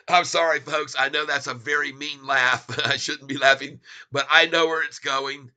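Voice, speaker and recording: Gleeful man calling stock prices live, bright. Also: on the high side. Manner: gleeful, excitable, chuckling at the market. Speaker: stock-trading streamer. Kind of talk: live stock-trading commentary.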